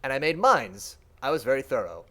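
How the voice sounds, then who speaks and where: A man's voice: medium pitch, big pitch swings, fairly quick, a bit bright. A man voicing a lonely, fawning male servant creature while reading game dialogue aloud. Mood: earnest. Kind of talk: let's play dialogue read-aloud.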